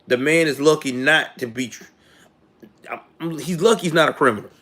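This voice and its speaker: A man's voice: a little high, moderate pace, pushed and bright. A man in his late thirties hosting a live commentary show, ranting in casual, slangy talk that rises to indignant outbursts. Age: late 30s.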